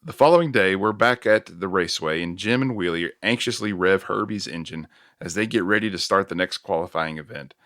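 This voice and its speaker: Podcast host, male, low-pitched, relaxed recap delivery, dry close mic. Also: a little fast, no echo. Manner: recounts scenes with chuckles and self-corrections. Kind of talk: casual plot recap chat.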